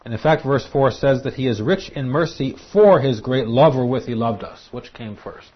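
A man preaching a sermon in an animated, emphatic way. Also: medium pitch, normal speed, husky. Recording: dull lo-fi recording.

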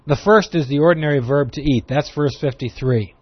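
A man's voice: on the high side, brisk, husky. Emphatic man teaching scripture, lo-fi. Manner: lively, emphatic, reads scripture aloud. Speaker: Bible teacher. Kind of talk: expository Bible teaching. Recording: dull lo-fi recording.

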